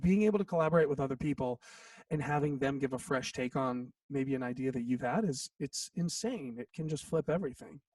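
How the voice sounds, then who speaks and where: In a relaxed interview, a guest songwriter in his thirties animatedly recounts a story, voicing the quotes himself and leaning heavily on "like." The recording is distant with no room sound, and his pitch runs fairly high.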